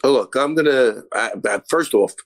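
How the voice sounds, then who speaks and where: A man's voice: mid-range voice, normal speed, dry recording. A man, an MMA coach who is a guest on a podcast, talking casually in a rambling, effusive way, restarting sentences and swearing freely.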